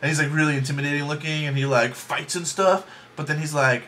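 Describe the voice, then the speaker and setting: A man's voice: medium pitch, fairly even intonation, fairly quick, bright, forceful tone, a little hiss or hum. A man giving a casual, rambling movie review from his bedroom, joking along with plenty of ums and likes. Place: home bedroom.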